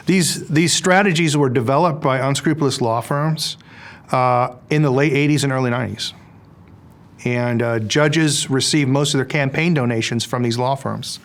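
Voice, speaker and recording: Earnest middle-aged man, emphatic. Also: mid-range voice. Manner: earnest, emphatic, with frequent restarts. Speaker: interview guest. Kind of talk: interview.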